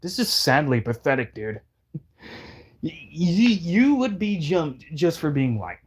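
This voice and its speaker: A man's voice: fairly high pitch, big pitch swings, unhurried, breathy edge. A man giving casual reaction commentary, rambling and heated, stumbling over restarts. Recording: dull lo-fi audio.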